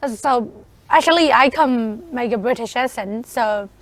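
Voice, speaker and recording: Woman cohost on radio kinda high voice, bit of fry, keeps going you know like. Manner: hesitant, halting, lots of "you know" and "like". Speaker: radio co-host. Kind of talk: casual film review chat.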